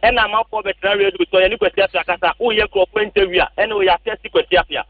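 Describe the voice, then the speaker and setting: A man calling a radio sports show, talking rapidly and emphatically. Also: high-pitched, steady tone, no room sound. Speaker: caller. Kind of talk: phone-in opinion. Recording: tinny phone line, distant.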